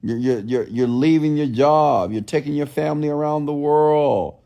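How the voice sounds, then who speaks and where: A man speaks in a blunt, preachy motivational style, repeating questions like a preacher working a crowd. His voice is gravelly with a fry at the edges, and the tone sits dark and mellow. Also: a little high, normal speed. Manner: preachy, repetitive call-and-response questions; blunt, scolding. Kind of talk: motivational livestream talk.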